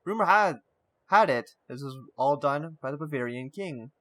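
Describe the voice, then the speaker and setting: A man's voice: fairly high pitch, animated, moderate pace, sharp tone. A man playing a story game, reading its text aloud with stumbles and breaking off into casual asides. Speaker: gaming channel host.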